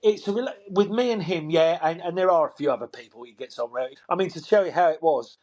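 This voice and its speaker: Brief: middle-aged man, raised pitch, chatty storyteller with chuckles. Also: fast, few pauses, a little mellow. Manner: chatty, acts out quotes, chuckles, repeats words. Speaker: koi dealer. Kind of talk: anecdotal storytelling.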